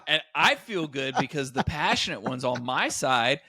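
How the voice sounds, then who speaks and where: Animated storytelling man, bright voice. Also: medium pitch, moderate pace, slightly rough, no room sound. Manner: animated storyteller, acts out quotes. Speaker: podcast host. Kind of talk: casual chat, storytelling.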